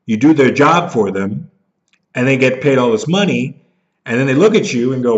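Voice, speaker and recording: A man's voice: medium pitch, lively intonation, moderate pace. Angry ranting man, slightly dull recording. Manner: bitter, profane, jumps into mocking voices when he is upset. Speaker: vlogger. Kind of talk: angry rant to camera.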